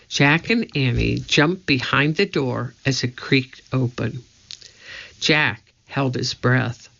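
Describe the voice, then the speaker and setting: A narrator reads a children's chapter book aloud, taking each sentence slowly and evenly. The voice has a gravelly edge, and the recording sounds dull and lo-fi. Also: mid-range voice, fairly bright tone. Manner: slow, measured storytelling. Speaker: audiobook reader. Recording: muffled lo-fi recording.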